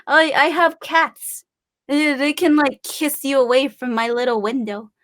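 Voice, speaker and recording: Young woman from Illinois, interview guest; bubbly and giggly, a fairly high voice, breaks into playful voices mid-story. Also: steady tone, unhurried, a bit bright. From Illinois, USA. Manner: bubbly and giggly, acts out voices in her stories. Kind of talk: casual chat.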